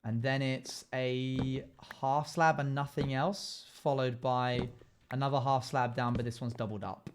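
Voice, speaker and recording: A young man live-streaming, chatting casually as he builds and thinking out loud while he answers chat. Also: medium pitch, steady tone, measured pace, a little hiss or hum.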